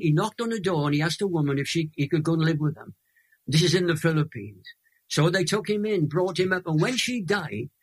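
A Welsh man in his eighties, a guest telling an emotional testimony in a lively, dramatic way. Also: on the high side, husky. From Wales. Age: 80s.

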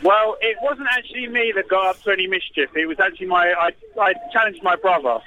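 A man's voice: high voice, fast, pushed and bright, a little hiss or hum. A man calling in to a radio show, chatting casually in a laid-back way over a tinny phone line. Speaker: phoned-in guest presenter.

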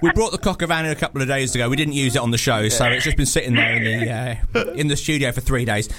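A man's voice: medium pitch, quick pace, crowd noise. A man co-hosting a radio show, chatty and playful as he eats on air. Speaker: radio co-host. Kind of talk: banter-filled radio chat.

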